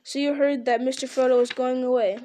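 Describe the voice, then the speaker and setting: A woman voicing a stern, commanding old male wizard who is gruff but kindly underneath. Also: sits high, level tone, a little fast, dark tone, a little hiss or hum, close to an everyday voice. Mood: amused. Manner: grim, commanding.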